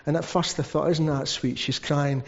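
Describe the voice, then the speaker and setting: A pastor delivers a sermon full of stories and asides, his voice fairly high-pitched and gravelly, with fairly even intonation and a moderate pace. The church hall recording sounds dull and carries a long reverb.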